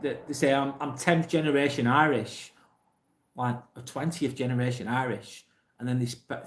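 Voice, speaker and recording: An English man with a middle-pitched voice hosts a live stream from an echoey room, reading viewers' chat messages aloud. He answers plainly and bluntly, swearing casually as he goes.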